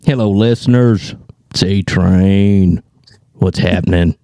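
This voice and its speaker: Low mellow-voiced co-host man. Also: takes it slowly. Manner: reactive, exclaims. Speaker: podcast co-host. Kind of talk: casual chat.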